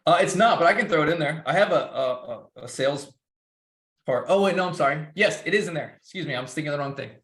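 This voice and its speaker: A man's voice: on the high side, animated, fast talker, a bit bright, reverberant. A man speaking in a loose, rambling way, with many restarts, as a guest speaker. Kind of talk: casual presentation.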